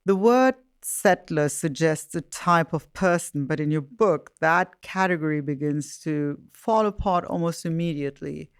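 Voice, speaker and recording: A woman from Iran hosting a podcast interview, asking questions in a brisk, playful way. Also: deep voice, clear, resonant tone, no echo, studio quality. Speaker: podcast host. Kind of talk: interview conversation.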